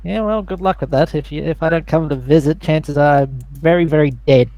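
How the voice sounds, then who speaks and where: A man's voice: fairly high pitch, brisk, mellow, dry recording. A man playing a tabletop role-playing game, talking in character with a laid-back, wry manner. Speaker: player.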